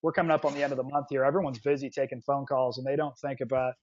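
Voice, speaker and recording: A man appearing as a guest on a casual podcast, a mortgage banker speaking quickly and energetically. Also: medium pitch, little pitch movement, darkish tone, highs cut off.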